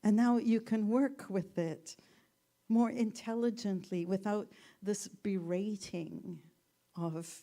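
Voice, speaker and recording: A woman minister giving a sermon, telling stories gently with playful asides. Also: medium pitch, steady tone, takes it slowly. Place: church sanctuary.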